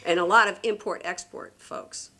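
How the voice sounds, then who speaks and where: A woman who runs a manufacturing company, testifying candidly at a public hearing, talking in halting restarts. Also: on the low side, fairly even intonation, bright, forceful tone.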